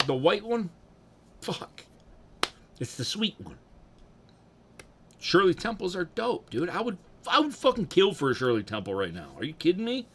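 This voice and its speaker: A young man drinking on a livestream, chatting casually with viewers in a profane, rambling way that swings between loud bursts and mumbling. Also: sits high, big pitch swings, unhurried, long pauses, a little hiss or hum.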